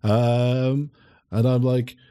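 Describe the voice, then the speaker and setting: A man playing a tabletop game, talking in a hesitant way with many pauses and fillers. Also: mid-range voice, little pitch movement, dark tone, clear, resonant tone. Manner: hesitant, full of ums and uhs. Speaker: player. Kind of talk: tabletop game play and chat.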